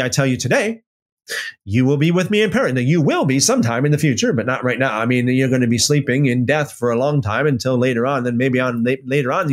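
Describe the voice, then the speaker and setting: A man giving informal Bible teaching in an emphatic, animated way, often restarting and using fillers. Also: a little high.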